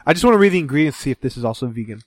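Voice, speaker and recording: A man's voice: medium pitch, lively intonation, very fast, no room sound. Giggly, jokey male podcast co-host. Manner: jokey and giggly, rambling asides. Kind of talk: casual chat.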